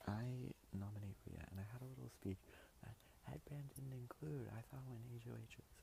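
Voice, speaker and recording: A man's voice: mid-range voice, steady tone, moderate pace, vocal fry, slight background noise, low-quality recording. A man recording a confessional diary vlog from his bedroom, rambling through his game strategy with lots of fillers. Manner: rambling, filler-heavy storytelling; talks quietly to avoid waking parents. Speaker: online game contestant.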